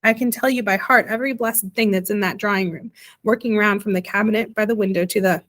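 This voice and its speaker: A woman's voice: mid-range voice, steady tone, fast talker, a bit bright, lightly acted. A woman doing Pod, weary tiny father. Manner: plain rustic grammar, weary. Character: gruff weary tiny father, slow-spoken.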